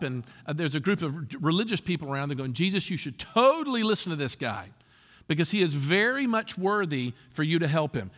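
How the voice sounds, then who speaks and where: A male pastor delivers a sermon in a church sanctuary, slipping into acted quotes as he tells stories. His voice sits slightly high and rises and falls with lively swings of pitch. A long hall reverb trails behind every phrase. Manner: animated storytelling with acted quotes.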